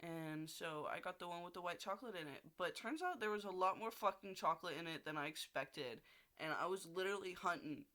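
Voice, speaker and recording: A man's voice: high-pitched, brisk, bright, forceful tone. A young man ranting casually in a video diary, swearing often and rambling with restarts. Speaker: video diarist.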